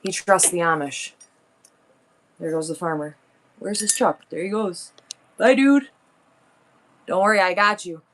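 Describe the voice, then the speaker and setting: A woman's voice: lowish voice, a little slow, pauses often, fairly bright tone, slight background noise. A woman chatting casually on her seller livestream, rambling, laughing often and answering viewers' comments.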